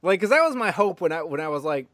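A man's voice: sits high, very animated, fast talker, a bit bright, no room sound, clean studio sound. A man hosting a casual podcast interview, rambling and enthusiastic, swearing freely. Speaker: podcast host.

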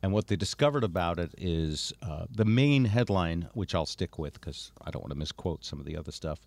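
Older guy host, low voice, bounces around a lot, dry close mic. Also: fairly quick, creaky, dry recording. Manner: animated storyteller, many fillers. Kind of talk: casual chat.

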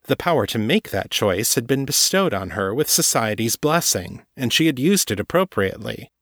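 A man narrating a novel in a measured, steady reading voice. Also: mid-range voice, no echo, clean studio sound. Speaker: audiobook narrator. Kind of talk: scripted narration.

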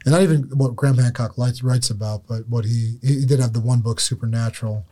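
Male podcast co-host, mid-pitched voice, halting and musing. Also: steady tone, mellow. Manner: musing, halting, many restarts. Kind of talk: casual podcast chat.

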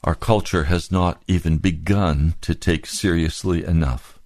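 A male preacher with a fairly low voice delivers an impassioned sermon. He drives home rhetorical questions and climbs to high, emphatic peaks. The sound is dry and close to the mic. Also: steady tone, unhurried, darkish tone, dry recording.

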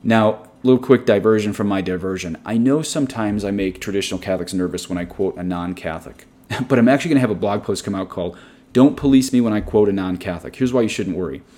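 Speaking fast in a warm, lowish voice, a Catholic preacher delivers a meditative sermon that doubles as guided meditation. His manner is sincere and opinionated, and he wanders off on tangents.

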